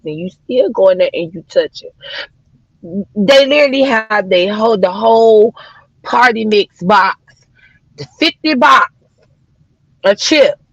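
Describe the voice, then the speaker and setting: A woman's voice: on the high side, a bit bright, dry recording. A woman talks loosely on her livestream, cussing freely and calling her viewers y'all and child. Her voice is dry and close, with a slightly dull, lo-fi sound. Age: adult mother of daughters. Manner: chatty, swearing, addressing viewers as y'all and child. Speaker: livestream host. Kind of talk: casual livestream chat.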